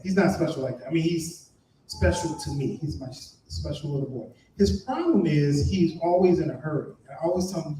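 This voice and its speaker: A man's voice: a little high, warm tone, slight background noise. A man from Maryland doing stand-up comedy and emceeing, joking loosely with a live crowd. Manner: loose, playful crowd banter. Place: live comedy venue with an audience. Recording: roomy echo, mic heard from a distance.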